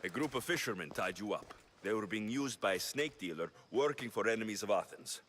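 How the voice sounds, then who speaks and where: An actor playing a steady male mercenary hero in a video game, calm and matter-of-fact. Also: on the low side, a little fast, husky.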